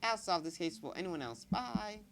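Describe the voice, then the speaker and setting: A man's voice: high-pitched, animated, moderate pace, creaky, a bit bright, soft background music, pitched above the performer's own voice, heavily acted. A man putting on a perky, sassy hedgehog girl. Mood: perky, confident. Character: peppy confident young female hedgehog heroine.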